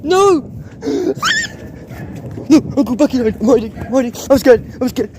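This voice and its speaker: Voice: high-pitched, wildly swooping pitch, very slow, raised voice, very noisy, heavily acted. A performer voicing a jittery young cartoon fox who shrieks and keeps repeating how scared it is. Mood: terrified. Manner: shrieking, panicky, repeats itself.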